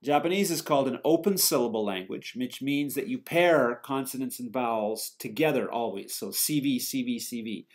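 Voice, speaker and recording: A man teaching a lecture, explaining step by step in a steady way, with fillers and self-corrections. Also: medium pitch, normal speed, hardly any pauses. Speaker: English teacher giving a lecture. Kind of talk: recorded lecture.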